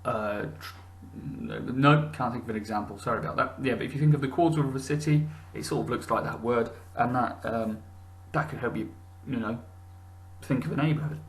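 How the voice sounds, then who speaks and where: A man's voice: medium pitch, fairly quick. A man teaching a recorded lesson, patient and encouraging, with many fillers and restarts.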